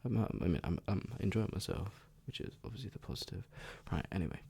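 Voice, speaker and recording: Deep gravelly lad, soft-whispered ASMR ramble. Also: male voice, lively intonation, fast talker. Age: young adult. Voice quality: soft half-whispered delivery. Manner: rambling, filler-heavy, casual swearing. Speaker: ASMR creator.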